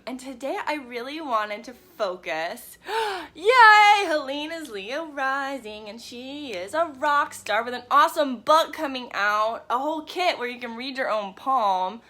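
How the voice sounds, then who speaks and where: Bubbly bright-voiced woman chatting live. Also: fairly high pitch. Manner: bubbly, chatty, greets viewers by name. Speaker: tarot reader and teacher. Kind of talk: casual morning live stream.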